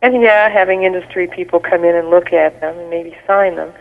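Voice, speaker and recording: A man's voice: high-pitched, fairly even intonation, a little fast, creaky. A man chatting as a guest on a radio show, explaining at length. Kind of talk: casual phone interview. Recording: tinny phone line with reverb.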